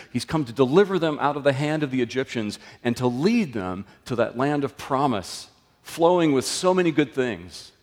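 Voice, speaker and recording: A male pastor preaches in a relaxed, conversational manner, his voice rising and then dropping to a hush. He speaks at a middling pitch. A long reverb trails his words through a large church room. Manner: conversational, with sudden lifts and drops in pitch and loudness. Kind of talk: sermon.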